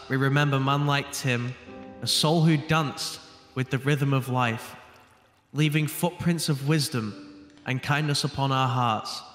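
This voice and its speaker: A man's voice: mid-range voice, fairly bright tone. A young man reading a mock eulogy in a casual gaming session. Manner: reads a solemn mock eulogy, breaking into laughter. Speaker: gamer. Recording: echoey room with long reverb.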